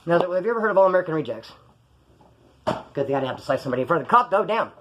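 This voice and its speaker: A man's voice: on the high side, very fast, a little hiss or hum. A man with a Californian accent telling prison stories in a casual, profane monologue, often acting out the voices of other people. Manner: animated, swearing, acts out other voices.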